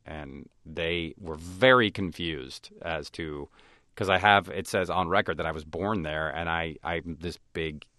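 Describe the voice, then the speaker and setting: Low-voiced man telling animated stories. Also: a little slow, dry recording, studio quality. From United States. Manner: animated storyteller who acts out voices of others. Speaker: actor and comedian guest. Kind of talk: conversational interview.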